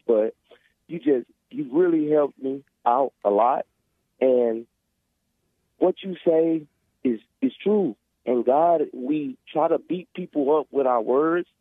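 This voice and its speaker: A man's voice: medium pitch, no room sound. Guy calling in on the phone, preachy and earnest, tinny dry line. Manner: earnest, preachy, rambling with restarts. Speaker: caller. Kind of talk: emotional phone call to a talk show.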